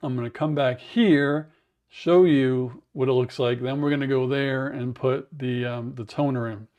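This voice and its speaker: Raspy-voiced man chatting on a livestream. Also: medium pitch, steady tone, a little slow, muffled recording. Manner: rambling, chatty, hums to fill time. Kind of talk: casual livestream chat. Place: at home. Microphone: wearable mic.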